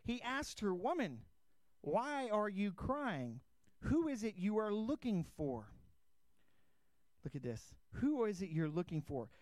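A man's voice: sits high, sing-song, slow pace, a little mellow, dry recording. A man preaching as pastor, reading scripture aloud and asking his listeners direct questions. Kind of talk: sermon.

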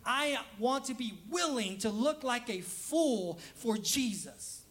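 High-voiced man preaching a lively sermon. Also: slow pace. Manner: conversational, acts out quoted voices, laughs at himself. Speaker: pastor. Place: church sanctuary.

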